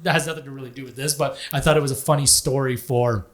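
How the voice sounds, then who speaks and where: A man hosting a podcast, telling a profane, animated story in casual chat. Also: mid-range voice, fast. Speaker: podcast host.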